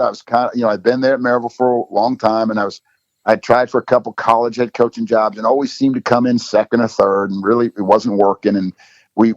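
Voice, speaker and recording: Low-voiced rambling middle-aged man. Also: dry recording. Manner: rambling, full of "you know" fillers. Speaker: football coach. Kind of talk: casual storytelling interview. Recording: dull lo-fi dry recording.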